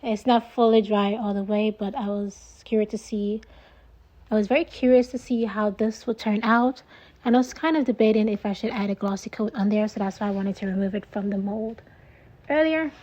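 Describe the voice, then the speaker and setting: A woman's voice: mid-range voice, normal speed, warm tone, poor audio. A woman narrating her own craft video in a casual voiceover, chatty and enthusiastic, often repeating her praise. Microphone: voiceover mic.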